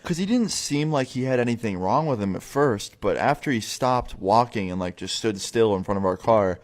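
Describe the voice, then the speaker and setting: A man's voice: fairly low pitch, animated, normal speed. A young man telling a story casually, swearing a lot and rambling with many fillers.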